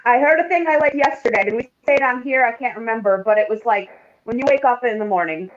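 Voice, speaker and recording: Female podcast co-host, higher voice, emphatic and profane, muffled lo-fi audio. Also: fast. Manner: animated, emphatic, swears freely. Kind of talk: casual chat. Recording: dull lo-fi sound.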